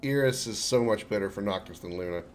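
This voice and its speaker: A man's voice: lowish voice, fast. A man streaming a video game, chatting casually and joking, with lots of fillers and restarts. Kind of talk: casual gameplay commentary. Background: faint game music.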